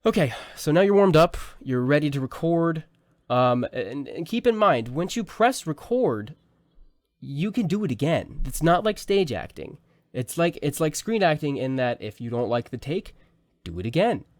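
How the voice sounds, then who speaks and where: A man's voice: fairly high pitch, sing-song, normal speed, no room sound. A young man casually teaching voice acting at home, rambling with fillers and restarts into a close mic. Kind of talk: casual tutorial talk. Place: small home room.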